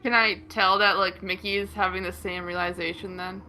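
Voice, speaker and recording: A woman's voice: medium pitch, flat delivery, brisk, pushed and bright, slight background noise, poor audio. A woman playing a tabletop game, asking casual questions in her turn. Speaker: player.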